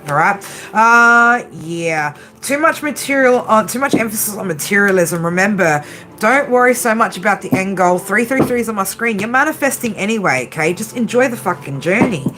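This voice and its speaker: A woman's voice: medium pitch, moderate pace. A woman doing a casual tarot reading, tired late at night, chatty, swearing freely and tagging her lines with "right?". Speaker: tarot reader. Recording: steady background noise.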